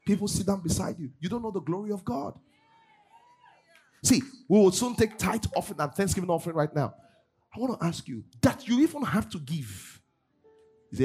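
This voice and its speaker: A male pastor preaches with a lively, husky voice that jumps from loud bursts to quiet asides. His voice sits a little high for a man. Faint music plays under the sermon. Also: normal speed, long pauses. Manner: animated, swings from loud bursts to low asides. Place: church service.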